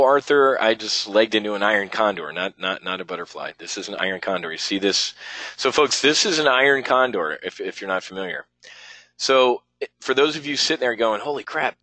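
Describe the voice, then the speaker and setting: Low-ish voiced guy, brash and punchy, blunt and kinda profane, rambling thru trades live, dry close sound. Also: fairly bright tone, dry recording, poor audio. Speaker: options trading instructor. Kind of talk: live trading webinar, thinking aloud.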